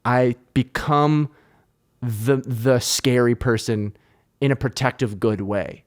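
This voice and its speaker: A man's voice: mid-range voice, slow pace. A young man hosting a podcast, telling stories in a casual, heated, profane way. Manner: animated, profane, heated retelling of anecdotes. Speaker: podcast host. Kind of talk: casual storytelling chat.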